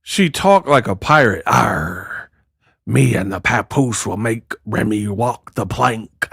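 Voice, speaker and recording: A man voicing a brash, boastful female pirate who growls and cusses in drawn-out pirate talk. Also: fairly low pitch, expressive, gravelly, fairly bright tone, husky, no echo, studio quality, voice pushed down, full character voice. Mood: mock gruff.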